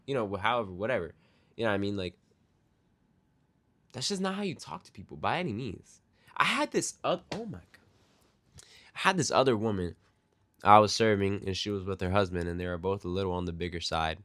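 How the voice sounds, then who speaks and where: A young man telling a story from his job as a restaurant server in a casual rant, acting out customers in quick put-on voices. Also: fairly low pitch, lively intonation, a bit bright, no echo.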